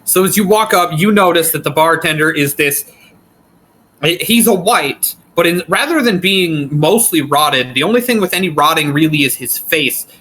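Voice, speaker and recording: A man narrating as game master of a tabletop game, describing scenes in an unhurried way. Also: a little high, expressive, sharp tone, rough recording.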